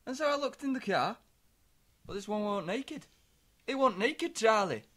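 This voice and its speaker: Man, high pitched, very lively intonation, rambling comic storyteller. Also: normal speed. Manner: rambling, deadpan anecdote telling with stammered restarts. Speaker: podcast co-host.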